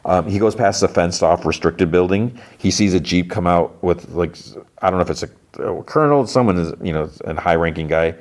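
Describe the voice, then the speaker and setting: A man's voice: low-pitched, fairly quick. A man hosting a podcast, casually recapping a TV episode and acting out lines of dialogue. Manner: retells scenes, acting out dialogue. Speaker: podcast host.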